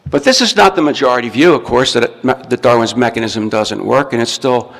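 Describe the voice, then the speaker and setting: A man lectures to an audience and explains his points step by step, now and then breaking off a word and starting it again. His voice has a gravelly edge. The sound carries a long reverb from the hall. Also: medium pitch, brisk, a bit bright. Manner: explains step by step, shows a book, restarts words often. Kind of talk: recorded talk to an audience.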